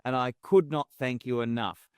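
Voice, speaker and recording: A man hosting an interview, paying his guest warm compliments. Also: medium pitch, fairly even intonation, moderate pace, clean tone, dry recording, studio quality. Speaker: interview host.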